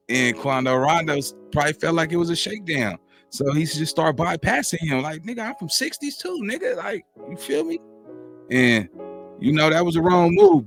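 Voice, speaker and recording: A man hosting a casual reaction commentary, talking in loose street slang with constant "you know what I'm saying" and a preachy, rambling delivery. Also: fairly bright tone. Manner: preachy, drifting from high to low pitch. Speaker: commentary host.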